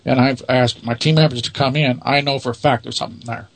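A man's voice: medium pitch, fairly even intonation, quick pace, vocal fry, dry recording. A man who leads a paranormal investigation team answers interview questions in a matter-of-fact, self-assured way.

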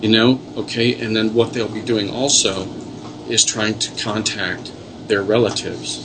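A man's voice: lowish voice, level tone, measured pace, background noise. A man, a paranormal investigator, telling earnest, rambling stories in a casual interview. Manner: earnest, rambling storyteller with many restarts.

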